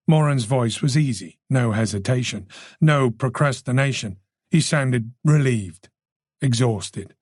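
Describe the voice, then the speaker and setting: A man narrating a thriller audiobook in a taut, measured way. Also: mid-range voice, darkish tone, husky, dry recording, clean studio sound.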